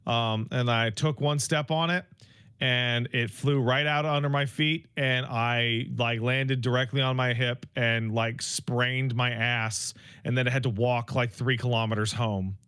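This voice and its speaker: A man co-hosting a podcast, trading quick deadpan quips in casual chat. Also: mid-range voice, clear, resonant tone, dry recording, studio quality. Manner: quick reactive banter, deadpan quips, swears. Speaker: podcast co-host.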